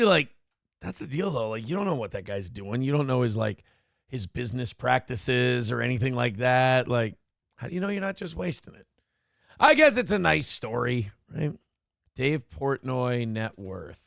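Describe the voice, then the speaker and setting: Crude, mocking gravel-voiced man host. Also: medium pitch, no echo, studio quality. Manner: loud, profane, mocking, shouts at times. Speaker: morning show host. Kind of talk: crude comedic commentary on a clip.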